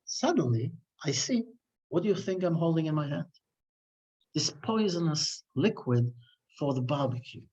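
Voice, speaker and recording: Husky man telling teaching stories. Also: a little high, normal speed. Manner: animated storytelling with many restarts and fillers. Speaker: Torah teacher. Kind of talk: weekly Torah class, storytelling. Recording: dull lo-fi recording.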